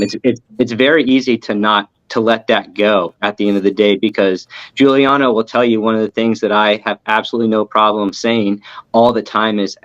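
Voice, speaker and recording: A man, a business co-founder, giving measured, reflective advice in a casual interview. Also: lowish voice, fairly bright tone, no echo, dull audio.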